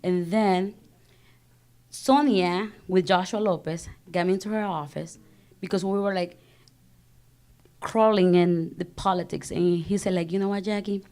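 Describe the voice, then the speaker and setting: A woman's voice: lowish voice, fairly even intonation, measured pace, long pauses, a little mellow. Salvadoran lady in her 30s, office director on a panel, fired up, slides between spanish and english, spanish-accented english. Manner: passionate, mixes Spanish and English. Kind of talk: panel speech.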